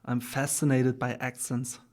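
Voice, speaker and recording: A young man chats as a podcast guest, his voice held to a flat, even pitch. He pauses often on filler sounds and laughs lightly between thoughts. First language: German. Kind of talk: casual interview chat.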